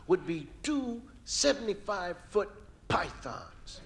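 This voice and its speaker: Animated high-voiced male comedian. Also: moderate pace, slight background noise. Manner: animated storytelling, jumps between impressions. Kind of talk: stand-up comedy.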